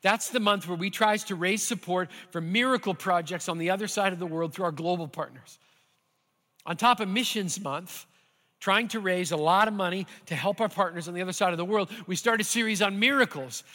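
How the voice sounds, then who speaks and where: High, bright-voiced preacher man. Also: a little fast. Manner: earnest, builds to animated intensity. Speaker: pastor. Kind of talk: sermon. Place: church sanctuary. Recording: hall reverb.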